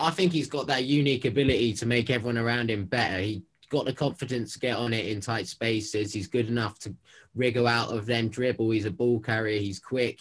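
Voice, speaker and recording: A man's voice: medium pitch, low-quality recording. A man co-hosting a football podcast, talking with enthusiasm and strong opinions in casual chat. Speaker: podcast co-host.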